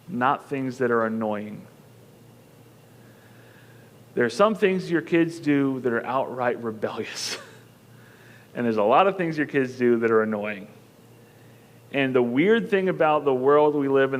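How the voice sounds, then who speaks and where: A man in his thirties preaching in a church, conversational and joking, rising into emphatic bursts. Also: mid-range voice. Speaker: pastor. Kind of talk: sermon. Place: church auditorium. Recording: long hall reverb.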